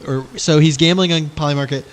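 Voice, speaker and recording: A man's voice: fairly high pitch, fairly even intonation, brisk, slight background noise. A man streaming a game, chatting casually, rambling and giggling as he trails off. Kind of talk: casual gaming commentary.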